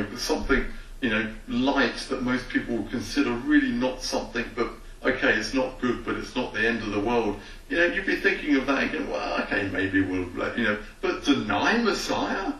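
Heard through a distant mic with a roomy echo, this man has a mid-range voice. He delivers a rabbi's sermon, first reading scripture and then preaching by performing imagined exchanges with animated voices.

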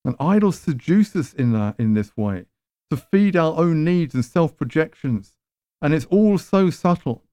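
A man's voice: fairly high pitch, animated, unhurried, warm tone, clean tone, no echo, clean studio sound. A man preaching a sermon in a conversational, emphatic way, with rhetorical questions.

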